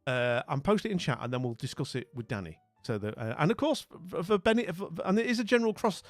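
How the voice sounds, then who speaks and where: A middle-aged man chats on with his viewers, wandering through fillers and half-started sentences. His voice sits a touch high and sounds dry and close to the mic. Soft music plays quietly behind him. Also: very animated, fast, dry recording. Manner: rambling, chatty, lots of fillers and restarts. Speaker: streamer. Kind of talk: casual chat with viewers' comments.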